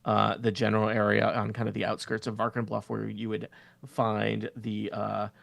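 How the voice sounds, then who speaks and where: A man's voice: fairly low pitch, monotone, moderate pace, creaky, fairly bright tone, dry recording. A man narrating as dungeon master of a tabletop game, rambling with many filler words.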